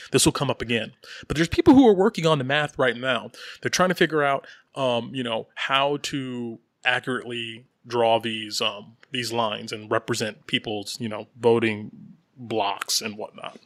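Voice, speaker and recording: A man's voice: mid-range voice, unhurried, dry recording. Rambling, dry-sounding podcast man. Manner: rambling, many fillers and repeats; animated, laughs while talking. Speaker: podcast co-host. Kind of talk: casual chat.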